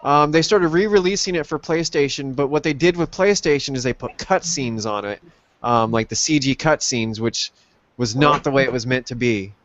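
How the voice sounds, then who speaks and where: A man hosting a casual chat about old games, rambling with many pauses and ums. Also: mid-range voice, fairly bright tone, no echo. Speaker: podcast host. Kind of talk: casual chat over gameplay. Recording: dull lo-fi sound, dry.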